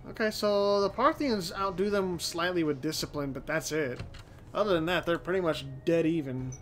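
A man giving casual, unscripted let's-play commentary as the channel host, swearing freely, thinking out loud and often restarting his sentences. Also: fairly high pitch, normal speed. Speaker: host of a strategy game channel. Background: faint background music.

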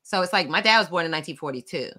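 A woman author and college professor, a guest in an interview, telling stories in a lively way and acting out the voices of other people. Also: on the low side, very fast. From outside the United States. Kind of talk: animated interview conversation. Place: home, video call.

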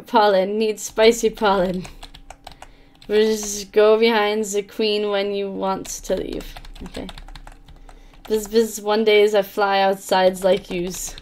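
A woman's voice: mid-range voice, a little mellow, natural voice. A woman voicing a doting queen bee who buzzes and talks in broken English. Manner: cutesy broken English, buzzing.

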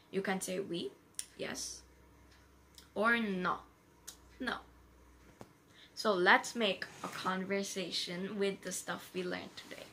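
Woman, amateur tutor, casual vlog lesson, very slow and careful, bright voice, faint background noise. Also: medium pitch. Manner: slow, repeats each phrase carefully.

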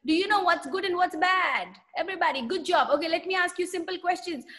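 A woman with a very high voice talks fast, telling a story to children over a video call. As a Sunday school teacher, she keeps it animated, asking the kids questions and acting out voices.

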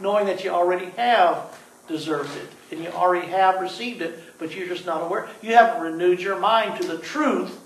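A man preaching a sermon to a congregation, lively and joking, calling on the listeners to answer back. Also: sits high, fairly quick, slight background noise. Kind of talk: sermon with call-and-response. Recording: echoey room, voice from a distance.

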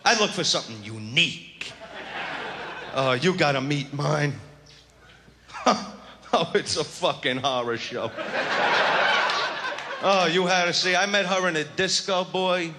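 A man's voice: fairly high pitch, lively intonation, unhurried, long pauses. A male stand-up comedian with a brash, crude, swaggering delivery, on stage before a live audience. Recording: live show with loud crowd laughter and noise.

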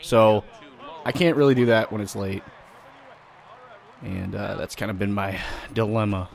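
A man hosting a gaming channel, giving loud, vulgar, excitable commentary while he plays. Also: on the low side, unhurried, vocal fry. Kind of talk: let's play commentary.

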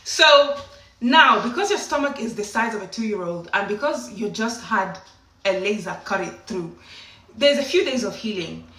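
A woman telling a story casually to camera in an animated way, often slipping into acted voices. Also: mid-range voice, normal speed. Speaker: vlogger. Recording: echoey room, distant from the mic.

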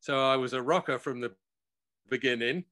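A man recording engineer talking in a relaxed, chatty interview, laughing often and using many fillers, over a video call. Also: medium pitch, moderate pace. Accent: none regional, no Scottish accent. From born in Gibraltar, grew up worldwide.

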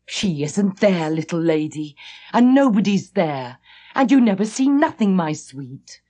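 A motherly old housekeeper in a storybook ghost tale, as a woman reader puts her on. She speaks in a coaxing, homely way, soothing and protective. Her pitch rises and falls freely as she talks. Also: very animated, measured pace, dark tone.

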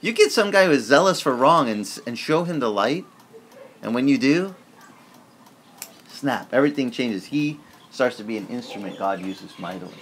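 A man's voice: mid-range voice, moderate pace. Guy pastor preaching, chatty and honest, medium voice, bit of hiss in the background. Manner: conversational and candid, with sudden lively acted asides in prayer. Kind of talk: sermon.

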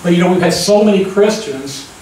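A man preaching a conversational sermon, folksy and relaxed, often turning to the congregation with a quick "amen?". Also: high-pitched, slight background noise. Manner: folksy, keeps asking the crowd "amen?". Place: church sanctuary. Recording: echoey church room, mic at a distance.

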